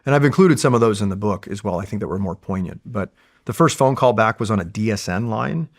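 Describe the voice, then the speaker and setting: A man from California, a Marine veteran, tells war stories in a casual interview with animated, profane energy. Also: lowish voice, quick pace.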